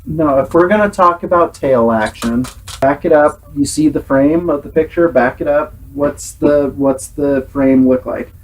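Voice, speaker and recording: A man's voice: fairly high pitch, measured pace, slight background noise, poor audio. A man hosting a casual film review, earnest and exasperated in his critique. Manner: earnest, exasperated critique, sometimes imitates sounds.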